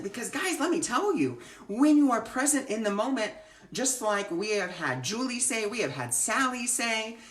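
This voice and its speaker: A woman's voice: on the high side, roomy sound. Earnest woman giving a spiritual talk. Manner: earnest, flowing, repetitive phrasing. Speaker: spiritual teacher and reader. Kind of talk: live-streamed spiritual talk.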